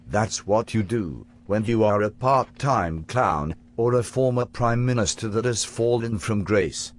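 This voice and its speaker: A man plays a boozy, chain-smoking clown with a fake British accent and a raspy voice. He talks low and very slowly, lecturing in a pompous tone. A faint hum sits behind the voice. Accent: put-on British. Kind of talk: comedy sketch acting.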